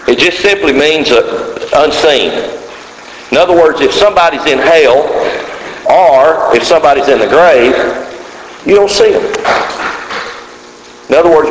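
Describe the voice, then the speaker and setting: A man's voice: mid-range voice, dull audio. Man preaching in an echoing hall. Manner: emphatic, repeats key words for stress. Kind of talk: sermon. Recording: echoey hall with long reverb, faint hiss.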